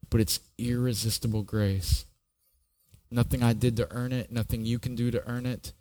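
A man's voice: medium pitch, a little mellow. A middle-aged man, a pastor, telling his own story in a sermon, earnest and often repeating a word as he starts a thought. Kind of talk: sermon with personal testimony.

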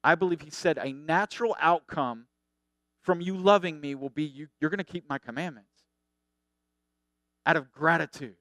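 A middle-aged man preaching a sermon as a pastor, conversational and animated, acting out the people he quotes. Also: fairly high pitch, normal speed, long pauses, no echo.

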